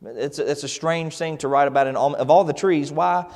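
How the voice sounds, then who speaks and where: A man's voice: on the high side, fairly quick, a little mellow, in a large hall. A man teaching a Sunday Bible class in a casual, conversational way, with many fillers and restarts. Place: church classroom.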